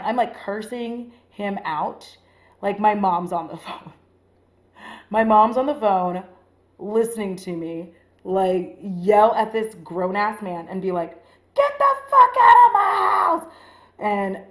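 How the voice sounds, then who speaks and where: A young adult woman telling a dating story casually while doing her makeup, swearing freely and acting out what people said. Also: mid-range voice. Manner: animated, profane, acts out quoted lines. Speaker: beauty vlogger.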